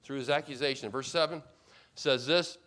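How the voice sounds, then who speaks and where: A man's voice: mid-range voice, normal speed, pushed and bright. A man preaching an expository sermon as pastor, earnest and emphatic, repeating key points and often restarting mid-phrase.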